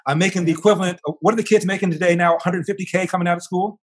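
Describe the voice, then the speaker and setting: Older man telling an animated story. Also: high voice, rapid-fire. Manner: animated storyteller, acts out quoted voices. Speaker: guest. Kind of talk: storytelling in a conversational interview.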